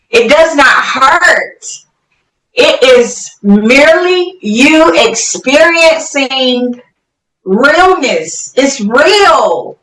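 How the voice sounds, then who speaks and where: A woman's voice: high voice, expressive, very slow, pushed and bright. A woman speaking as a spiritual guide guest in a casual conversation, encouraging and repeating soothing affirmations. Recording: echoey room, voice far from mic.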